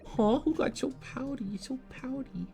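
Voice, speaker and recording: Brief: cooing pet baby talk, put on by a streamer, high and singsongy, heard from a step back. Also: unhurried, vocal fry, faint music behind. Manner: high sing-song cooing, soft and teasing.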